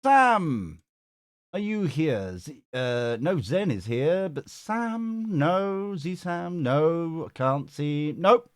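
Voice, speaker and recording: Male stream host, casual and chatty, bouncy pitch, dry close sound, laughs and swears freely. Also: big pitch swings, takes it slowly, few pauses, clear, resonant tone, dry recording. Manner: chatty, laughs often, swears, reads chat aloud. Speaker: tarot reader and stream host. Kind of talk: casual live-stream chat.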